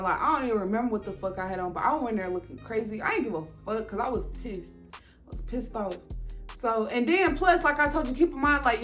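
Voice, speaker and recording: High-voiced woman, profane storytime. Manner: profane, animated, addresses viewers directly. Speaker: vlogger telling a story. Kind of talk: casual storytime.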